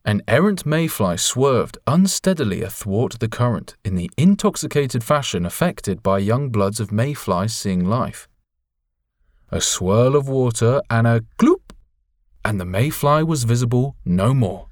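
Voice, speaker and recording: A man's voice: mid-range voice, animated, unhurried, darkish tone, no echo. Man reading a storybook, close and dry. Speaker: audiobook reader. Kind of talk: storybook narration.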